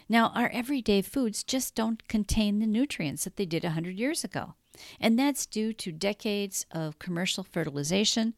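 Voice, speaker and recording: A middle-aged woman hosting a wellness podcast, guiding breathing in a calm, soothing, encouraging way. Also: fairly low pitch, no echo, studio quality. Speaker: wellness coach and podcast host. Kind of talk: podcast monologue with guided breathing.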